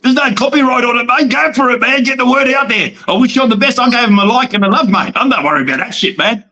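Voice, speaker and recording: A man's voice: very high-pitched, lively intonation, quick pace, muffled recording. An Australian man, a wrestling promoter guest, talking in brash, boastful banter and calling everyone mate. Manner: calls everyone mate, loud and cocky.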